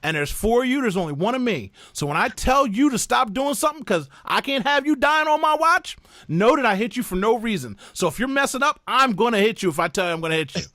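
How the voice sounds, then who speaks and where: Here a father and podcast host shares family anecdotes in loose, easygoing talk, animatedly performing others' voices along the way. His pitch is extremely high and his delivery fast, recorded at studio quality with no echo.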